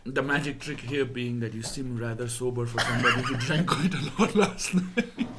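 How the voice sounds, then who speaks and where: A man's voice: mid-range voice, moderate pace, a crowd in the background. A young man co-hosting a podcast, teasing and finishing others' sentences in casual chat. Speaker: podcast co-host.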